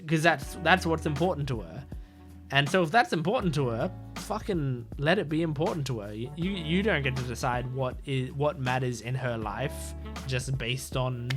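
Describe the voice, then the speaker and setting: A young man on a headset mic hosting an anime reaction video, talking casually and hesitantly with many pauses and restarts. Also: medium pitch, music in the background. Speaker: anime reaction channel host.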